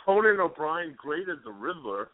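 At normal speed, this fairly high-pitched man has a sing-song delivery as a radio co-host. His casual conversation rambles, hesitant and full of filler words. It sounds tinny and phone-like, with no room sound.

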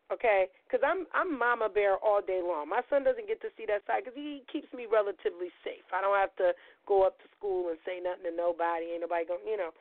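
A middle-aged woman hosting a podcast, telling a story in a loud, profane, animated way and acting out the quotes, her voice a little gravelly as it recovers. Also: medium pitch, quick pace, hardly any pauses, no echo. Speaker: podcast host. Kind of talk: storytelling monologue. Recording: tinny phone-like line.

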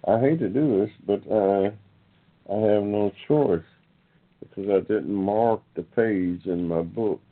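A man's voice: on the low side, slow. An older man hosting an online talk show, rambling casually in a folksy way and calling his listeners y'all, with an African American English accent. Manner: folksy, addresses listeners as y'all, many fillers. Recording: tinny phone-line sound.

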